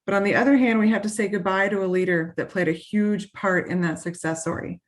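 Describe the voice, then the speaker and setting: A woman's voice: medium pitch, fairly even intonation. A woman, the head of a garden, giving a heartfelt tribute at an annual meeting, with small restarts. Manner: warm, heartfelt, slightly halting with restarts. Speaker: CEO of a garden. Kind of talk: formal meeting tribute speech.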